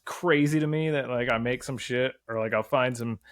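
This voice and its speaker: A man's voice: mid-range voice, normal speed, no echo, clean studio sound. A man talking as a podcast guest in a casual chat, rambling and swearing a lot, often slipping into voices to act out quotes. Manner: rambling and heavily profane; acts out quotes in a voice.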